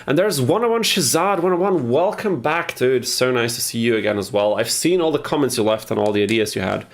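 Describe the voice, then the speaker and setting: A man's voice: mid-range voice, animated, a little fast. A young man casually chatting on a live game stream, answering chat as he plays, on a headset mic. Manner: chatty, reads and answers chat while playing.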